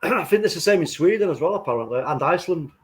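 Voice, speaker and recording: A man's voice: a little high, lively intonation, fast, a little hiss or hum. A man from the north of England hosting a football watchalong, chatting casually and laughing often. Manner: laughs a lot, puts on rough accents. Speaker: stream host.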